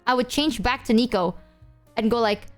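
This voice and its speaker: A woman's voice: on the high side, normal speed, faint music behind. A young adult woman streamer rambling through game stories with slang and swearing. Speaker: VTuber streamer. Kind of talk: casual storytelling about games.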